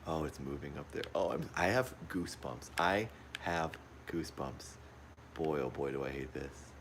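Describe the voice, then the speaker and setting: A man livestreaming a horror game from a dark room at home, jumpy and easily frightened, repeating his exclamations over and over while recording on a phone. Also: rumbling low, moderate pace, a little hiss or hum. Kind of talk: live gameplay commentary. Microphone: phone pointed at the TV.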